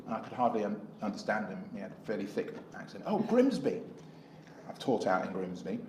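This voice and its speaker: This middle-aged Englishman is an independent election candidate who rambles through interview answers, acting out dialogue in his anecdotes. His fairly low voice is mellow and sing-song, a little fast. The rough recording sounds roomy, with slight background noise.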